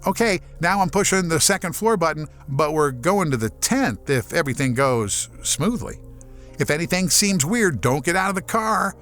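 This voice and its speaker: A man voicing a calm, brave teenage boy who explains the rules and reassures his friends, in an audiobook horror story. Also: a little high, normal speed, soft background music.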